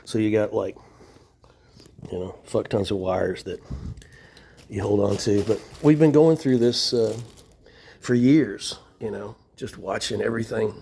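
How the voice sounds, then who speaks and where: A man's voice: fairly low pitch, a little slow, creaky, pauses often, dark tone, breathy edge. A middle-aged man talking in a rambling, casual monologue from a shelter floor, venting with profanity and wry laughs. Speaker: vlogger. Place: shelter room, sitting on floor.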